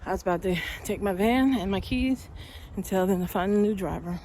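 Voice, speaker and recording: A woman's voice: medium pitch, a little fast, noisy background. A woman chatting and telling a story while out walking, a little out of breath, growing heated as she talks. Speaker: vlogger. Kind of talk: casual walking vlog. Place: outdoors, walking.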